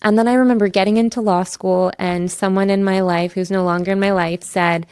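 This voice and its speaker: A woman's voice: mid-range voice, fairly even intonation, brisk, hardly any pauses, darkish tone, clean tone, no echo, clean studio sound. A woman from Canada in her thirties, a lawyer and podcast guest, telling personal stories in candid, emotional casual chat, full of "like". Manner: candid, emotional storytelling with frequent "like".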